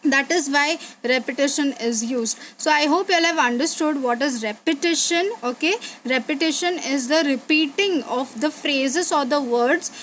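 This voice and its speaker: A woman's voice: high-pitched, moderate pace, hardly any pauses, a bit bright, slight background noise. A woman teaching a revision lesson, explaining step by step with many fillers and repeated words.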